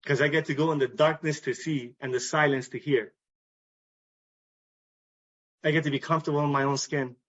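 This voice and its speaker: Earnest high-voiced man sharing his recovery. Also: steady tone, a bit bright. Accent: Canadian English. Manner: earnest, repetitive, with pauses and restarts. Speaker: recovery meeting speaker. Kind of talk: personal recovery talk. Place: meeting hall. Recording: dull lo-fi recording.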